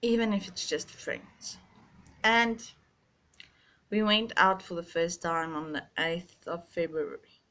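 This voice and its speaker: A young woman telling a personal story, halting and emotional with many restarts, a little stuffy from her sinuses. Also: fairly low pitch, a bit bright.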